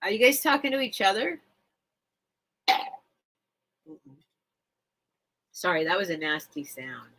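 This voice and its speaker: A woman's voice: mid-range voice, sing-song, normal speed, fairly bright tone, rough recording. A woman hosting a late-night livestream, rambling and chatting casually while she reads the chat, at home. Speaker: host of a live vintage sale stream.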